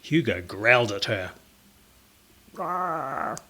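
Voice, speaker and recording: A man reading a children's picture book aloud in an expressive, theatrical way. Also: medium pitch, takes it slowly, slightly rough. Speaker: storyteller.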